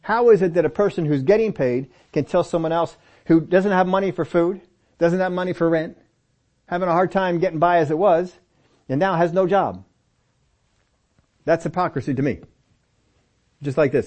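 Preaching a Bible-based sermon, this man has a fairly high, darkish voice, moves at a normal speed, and pauses often. He addresses the congregation directly, occasionally by name, pressing his points emphatically and repeating phrases.

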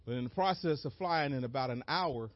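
A man preaching a sermon as an animated story, acting out moments with sudden shouted cries and laughing along. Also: mid-range voice, a little fast, no room sound. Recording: dull lo-fi dry recording.

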